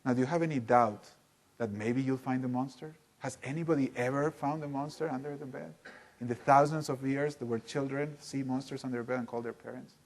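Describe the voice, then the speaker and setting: Male workshop teacher addressing a live audience: lively, emphatic, keeps questioning the room. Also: mid-range voice, a little fast. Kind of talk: live seminar talk.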